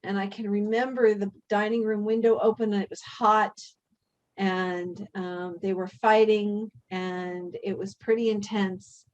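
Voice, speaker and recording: A woman leads a reflective session on spiritual growth. Her voice sits at a middle pitch. She speaks in a measured, earnest way and draws others in with questions. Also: level tone, darkish tone, dull audio. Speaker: workshop host.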